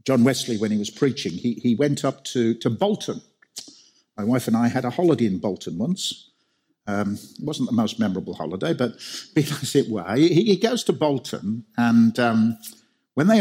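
Male preacher, slightly husky tone, emphatic sermon delivery with rhetorical questions. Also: mid-range voice, a little mellow.

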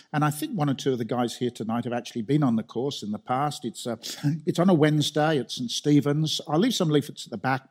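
A middle-aged man with a Birmingham accent delivers a sermon in a church hall. His voice is slightly husky, and he tells stories in a relaxed, conversational way, stumbling and restarting as he goes. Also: medium pitch. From Birmingham, England. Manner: conversational, self-deprecating storytelling with frequent restarts. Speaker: preacher.

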